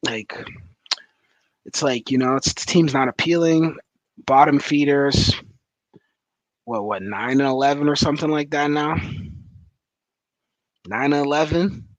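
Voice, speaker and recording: A man's voice: on the high side, normal speed, long pauses, no echo, dull audio. A man giving a rambling, frustrated post-game reaction as a fan commentator, full of fillers.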